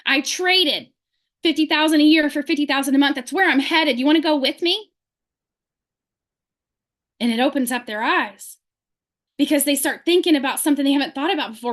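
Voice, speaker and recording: Woman, high voice, sales team leader; fervent motivational speech, rapid-fire questions, video-call mic. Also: a bit bright.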